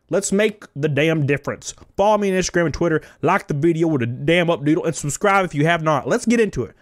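Male commentary host, high and very animated, heated profane ranter, dry close mic. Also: no room sound. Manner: animated, profane, jokey ranting. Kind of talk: fast, heated commentary with reading aloud.

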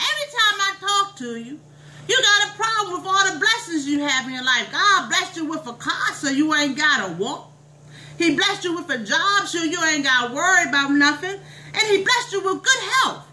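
A woman's voice: very high voice, very animated, normal speed, pushed and bright, a little hiss or hum, full character voice, poor audio. A woman playing a preachy, bossy middle-aged church lady, telling a comic story in an exclamatory, sermonizing drawl.

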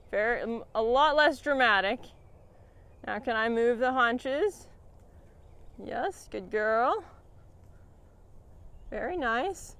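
With a fairly high-pitched voice, a woman who trains horses explains a session in a calm, supportive way, often telling her horse it's doing well.

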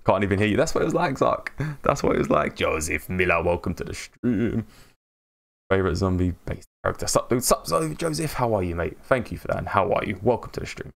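A man's voice: low-pitched, big pitch swings, a little fast, gravelly. A man chatting casually on a live stream, rambling and laughing at himself as he greets viewers.

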